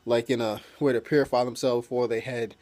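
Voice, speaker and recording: A man's voice: medium pitch, little pitch movement, fast, darkish tone. A man casually recapping a TV episode as a reviewer, rambling with many fillers and swearing freely.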